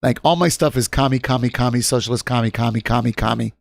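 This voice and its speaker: A man's voice: mid-range voice, fairly even intonation, quick pace, vocal fry, no echo, clean studio sound. A man hosting a stream, giving casual commentary in a rambling, profane, hesitant way. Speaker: streamer host.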